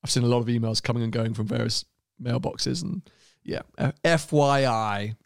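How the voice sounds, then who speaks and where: A man's voice: medium pitch, moderate pace, gravelly, no echo, clean studio sound. A man co-hosting a podcast, chatting casually and laughing often as he rambles through asides. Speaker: podcast co-host. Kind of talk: casual chat.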